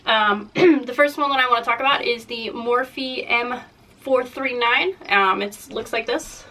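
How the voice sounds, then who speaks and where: A young woman getting over a cold, chatting casually to camera about makeup, rambling and self-deprecating, clearing her throat often. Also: a little high, unhurried, pushed and bright, far from the mic, poor audio. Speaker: beauty vlogger. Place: room in a house.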